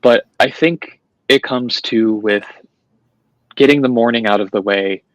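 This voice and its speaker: A man's voice: mid-range voice, measured pace, no room sound, poor audio. A man from an Italian-American family who speaks as a podcast guest, explaining his ideas in a thoughtful, earnest way. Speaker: podcast guest, paranormal investigator. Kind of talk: casual chat.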